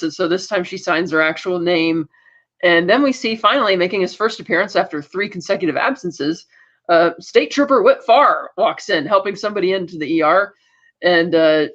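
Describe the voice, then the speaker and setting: A man's voice: high voice, fairly bright tone, lo-fi sound. A man co-hosting a podcast, retelling an episode in casual chat and quoting the characters as he goes. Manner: brisk retelling with acted quotes. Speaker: podcast co-host.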